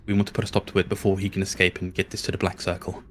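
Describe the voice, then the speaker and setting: A man playing a tabletop game, speaking in a polite, measured way in character. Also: sits low, completely flat delivery, fairly bright tone, a little hiss or hum. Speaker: player.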